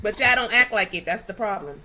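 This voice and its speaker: A woman's voice: mid-range voice, expressive, a little fast, crowd noise. A woman on a casual panel discussion, speaking frankly and bluntly.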